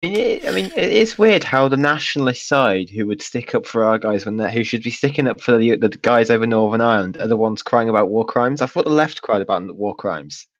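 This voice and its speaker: A man's voice: mid-range voice, expressive, a little fast, few pauses. Offhand man on a dull lo-fi mic. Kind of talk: casual chat. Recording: dull lo-fi mic with faint noise.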